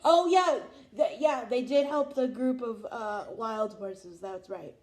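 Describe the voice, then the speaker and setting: Gushing young woman with a mellow voice. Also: a little high, takes it slowly. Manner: gushing, emotional, lots of "oh my God". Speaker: vlog host. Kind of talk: casual fan reaction chat.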